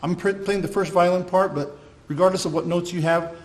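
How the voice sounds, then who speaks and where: A man's voice: high-pitched, steady tone, a little fast, heavy background noise. A man teaching violin, patiently explaining bowing and grace notes and scatting the rhythms. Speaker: violin instructor. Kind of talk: music lesson.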